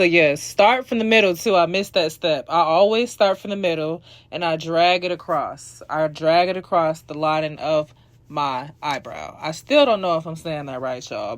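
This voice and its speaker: A woman's voice: fairly low pitch, a bit bright, no room sound. A young woman talking viewers through a makeup tutorial in a sassy, chatty voice-over. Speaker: beauty vlogger.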